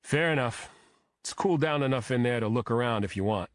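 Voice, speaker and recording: A man voicing a brisk, matter-of-fact federal agent reporting on explosives. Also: medium pitch, dry recording, studio quality, lightly acted.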